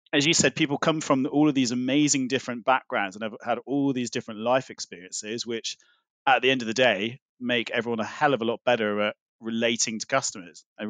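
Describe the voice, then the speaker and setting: A man's voice: medium pitch, fairly bright tone, dry recording. Man, guest, rambling chatty storyteller, dry room. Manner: rambling storyteller, many fillers. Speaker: podcast guest. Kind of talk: casual chat.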